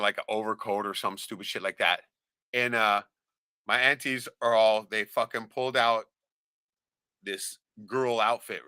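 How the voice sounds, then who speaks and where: A man telling a profane story in casual chat, animated, laughing often and acting out the voices of others. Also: lowish voice, smooth, dry recording, studio quality. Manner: animated, swears a lot, laughs often, acts out quoted voices.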